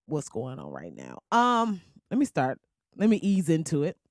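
A woman's voice: sits low, normal speed, dry recording, clean studio sound. Laughing, slangy woman podcast host. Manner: loud, laughing, slangy and animated. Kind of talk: casual comedic podcast monologue. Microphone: crackly podcast mic.

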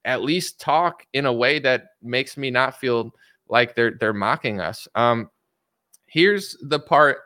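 A man talks straight into the mic in an opinionated commentary vlog, rambling through his points with plenty of filler words. His voice is bright and forceful. The sound is dry and close, with no room around it. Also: mid-range voice, slow, no room sound. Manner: rambling, opinionated, frequent "like" and "you know"; mocking quoted voices of media and politicians.

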